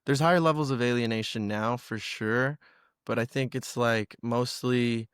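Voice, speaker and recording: A man's voice: mid-range voice, steady tone, moderate pace, fairly bright tone, smooth, no echo, studio quality. A man co-hosting a podcast, chatting in a rambling, loose way and swearing casually. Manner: rambling, loose, swearing, drifts into silly bits. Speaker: podcast co-host. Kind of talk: casual chat.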